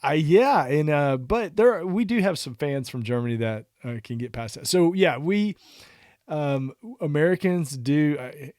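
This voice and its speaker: A man's voice: a little high, animated, a little slow, darkish tone, dry recording, studio quality. Easygoing Texan man chatting. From Texas. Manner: easygoing, laughs while talking. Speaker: podcast co-host. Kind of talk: casual chat.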